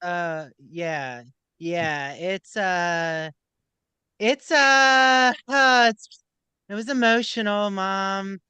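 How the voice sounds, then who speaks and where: A man's voice: sits high, sharp tone, smooth, no echo, heavily acted. An actor playing a male reality-show star in a mock scene, stumbling through filler words. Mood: flustered. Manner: halting, filler-heavy delivery.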